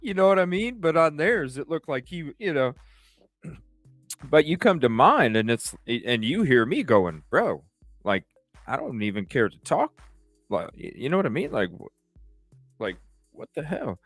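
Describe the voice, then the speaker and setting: A man hosting a livestream, telling stories in a rambling, profane, animated way. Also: a little high, normal speed, no room sound, soft background music. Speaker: livestream host. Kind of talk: casual livestream talk.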